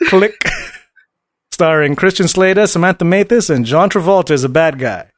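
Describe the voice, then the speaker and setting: A man's voice: on the high side, expressive, moderate pace, dry recording, clean studio sound. A man in casual chat about films, swearing freely and quoting movie lines.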